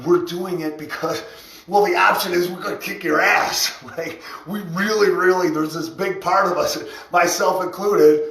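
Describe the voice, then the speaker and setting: A man's voice: high-pitched, steady tone, moderate pace, vocal fry, fairly bright tone. A man hosting a casual motivational livestream, giving a rambling, enthusiastic pep talk about rallies, often breaking into laughs. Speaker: livestream host and rally organizer. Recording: echoey room, far from mic.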